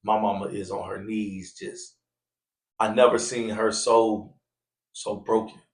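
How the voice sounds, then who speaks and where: Animated man telling a podcast story. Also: fairly low pitch, unhurried. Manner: animated, acts out quoted voices loudly. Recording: echoey room.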